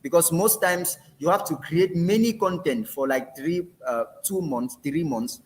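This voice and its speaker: A man's voice: on the high side, measured pace, slight background noise. A man teaching a training session, talking conversationally and repeating phrases for emphasis.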